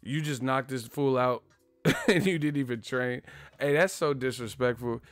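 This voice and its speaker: A man hosting a casual boxing chat, talking in an animated, joking and profane way. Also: mid-range voice, measured pace, no room sound, faint music behind. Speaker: boxing commentary host.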